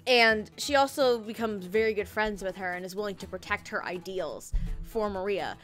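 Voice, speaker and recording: A woman's voice: medium pitch, moderate pace, a bit bright, soft background music. A woman hosting a casual podcast chat, rambling and self-correcting, laughing often. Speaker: podcast host reviewing an audio drama.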